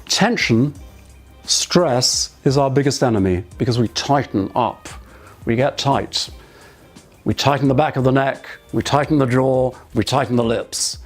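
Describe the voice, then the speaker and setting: A man teaching voice and speaking skills, giving calm, measured instruction and guiding the listener through exercises. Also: medium pitch, faint music behind. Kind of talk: instructional talk to camera.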